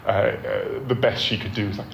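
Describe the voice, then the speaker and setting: A man, a church leader giving a sermon-style talk, earnest and animated, with frequent ums and restarts. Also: on the low side, normal speed, vocal fry. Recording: roomy hall with faint background noise.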